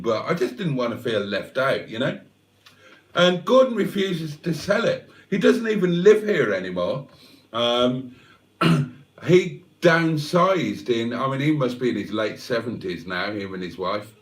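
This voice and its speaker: Recorded from a distance, a livestream host with a mid-range voice chats casually, rambling through a wry story and dropping in self-mocking comments.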